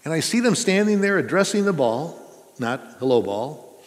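In a reverberant church hall, a man with a voice on the high side and big pitch swings preaches at a moderate pace. He's the pastor of this church sanctuary, earnest and conversational, and he asks his listeners questions.

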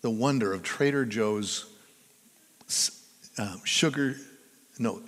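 An older man, pitched mid-range and speaking slowly, delivers a sermon as a pastor, telling stories in a chatty, conversational way that draws the congregation in. The long reverb of a large hall surrounds his voice.

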